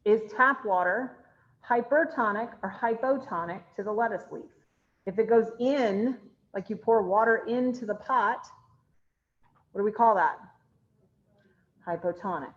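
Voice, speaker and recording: A woman's voice: a little high, unhurried, pauses often. Chatty woman teaching over a video call. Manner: chatty, asks the class questions and answers them herself. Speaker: chemistry instructor. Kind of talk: online class lecture. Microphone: computer mic on a video call. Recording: slightly dull, lo-fi video-call audio.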